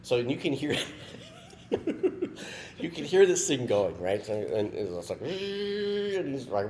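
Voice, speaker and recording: A man's voice: mid-range voice, big pitch swings, a little slow, a little mellow. A man guest on a casual podcast, telling a story and often checking in with "right?" and breaking into laughter.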